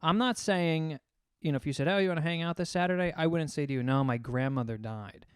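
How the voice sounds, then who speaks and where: Young male podcast comic with a slightly high, smooth voice; crude, rambling banter, dry close mic. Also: brisk, no echo. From United States. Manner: crude, rambling storyteller with acted quotes. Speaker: comedy podcast co-host. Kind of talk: casual comedic banter.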